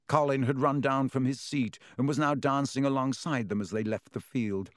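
A man narrating an audiobook with expressive, clear storytelling into a close mic. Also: mid-range voice, normal speed, hardly any pauses, no room sound.

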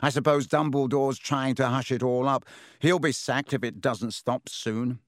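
A man's voice: medium pitch, fairly even intonation, moderate pace, no room sound, clean studio sound, lightly acted. A man reading a story aloud and voicing a sneering, spoiled schoolboy wizard with a drawling, scornful manner.

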